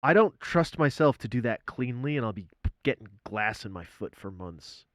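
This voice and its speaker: A man streaming live, chatting casually in an animated way, swearing freely and exclaiming loudly. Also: medium pitch, moderate pace, no echo.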